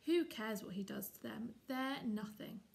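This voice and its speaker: A woman's voice: a little high, unhurried, creaky. Woman reading as a proud, stern father cat.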